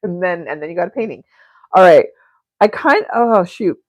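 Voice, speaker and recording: A woman's voice: on the low side, lively intonation, normal speed, dry recording. A woman hosting a live stream while she paints at home, talking in a rambling, giggly, profane way and often cutting herself off. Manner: rambling, giggly and profane, with frequent self-interruptions. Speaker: livestream painter and host. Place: home studio. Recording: dull lo-fi stream audio.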